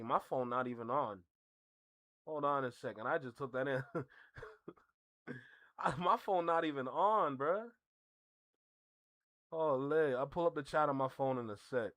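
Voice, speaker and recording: A man with a Toronto accent reacts on camera in casual commentary. He sounds heated and incredulous, and he repeats his points. His voice is bright and forceful, with a dry, close sound and no room echo. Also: high voice. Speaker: reaction video host.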